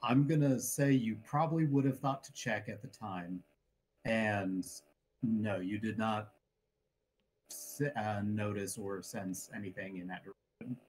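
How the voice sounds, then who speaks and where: A man acting as game master of a tabletop game, giving measured, hedged rulings to the players. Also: lowish voice, darkish tone.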